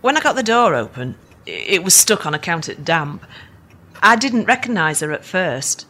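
A nervy housewife. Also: female voice, fairly low pitch, big pitch swings, normal speed, pushed and bright, slight background noise, full character voice. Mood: reflective. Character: Anne, anxious miner's wife caring for husband. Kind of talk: radio drama.

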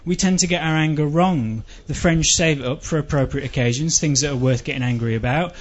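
A man with an English accent tells a comic monologue in a dry, rambling, self-deprecating way, now and then bursting into shouts. His voice sits high for a man. The recording is dull and lo-fi. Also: fairly quick. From England.

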